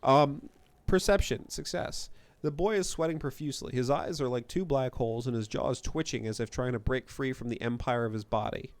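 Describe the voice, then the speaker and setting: A man's voice: medium pitch, fairly quick, dry recording. A young man streaming a game, reading its text aloud with amused asides. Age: young adult. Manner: amused, reads text out then reacts.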